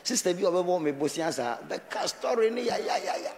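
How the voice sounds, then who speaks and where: A man's voice: high voice, lively intonation, a little fast, big-room sound. A man with a Ghanaian accent preaching a sermon as pastor, talking conversationally and mixing Twi with English.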